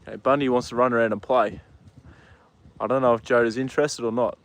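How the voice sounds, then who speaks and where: Relaxed Australian male host, casual outdoor stream chat, talks to his horse between comments. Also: mid-range voice, fast. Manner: easygoing, chats to his horse and reads viewer comments. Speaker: livestream host.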